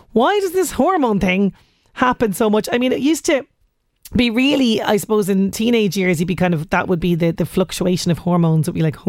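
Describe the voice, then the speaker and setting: A woman's voice: fairly high pitch, normal speed, dry recording, clean studio sound. An Irish woman in her late thirties hosting a radio show, chatting casually and acting out little voices. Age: late 30s. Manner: chatty, animated, acts out voices. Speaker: radio presenter.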